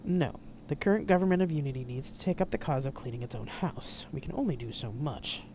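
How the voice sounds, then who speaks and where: A narrator voicing a calm older male admiral who speaks in a measured, composed way, in an audiobook reading. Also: mid-range voice, noisy background, close to an everyday voice. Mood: firm.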